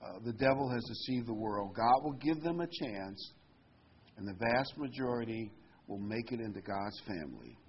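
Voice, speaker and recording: A man's voice: on the low side, lively intonation, normal speed, dull audio, a little hiss or hum. A man preaching a sermon verse by verse in a folksy, conversational way.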